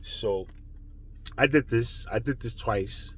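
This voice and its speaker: A man's voice: mid-range voice, takes it slowly, fairly bright tone, a little hiss or hum. A young man casually telling a personal spiritual story, earnest and rambling, swearing freely and checking in with his listener. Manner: earnest, rambling, swears freely, keeps asking "you know?". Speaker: spiritual vlogger.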